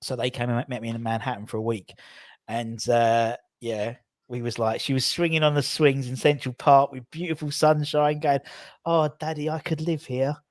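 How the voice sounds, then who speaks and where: An English man hosting a casual chat, easygoing and agreeable, with quick asides. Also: mid-range voice, flat delivery, dry recording, clean studio sound. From England. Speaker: podcast host.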